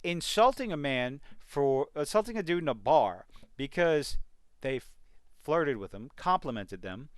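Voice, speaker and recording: A man's voice: a little high, very animated, unhurried, smooth, no echo. A man giving an exasperated, sarcastic rant in a video review of a TV series. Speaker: TV review vlogger.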